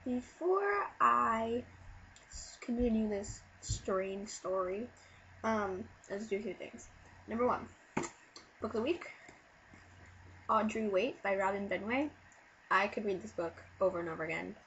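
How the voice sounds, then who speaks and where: A woman vlogger, sick and tired-sounding, rambling through a goofy story in a mid-pitched voice that keeps jumping into loud, animated bursts. The webcam sound is dull and carries a faint hiss. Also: a little slow, pauses often. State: sick, low on energy. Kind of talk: casual rambling storytelling to camera.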